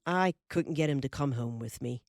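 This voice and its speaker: A woman's voice: rumbling low, moderate pace, darkish tone, dry recording, studio quality. A woman voicing a hearty middle-aged frontier father telling a tale in a folksy drawl. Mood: lively.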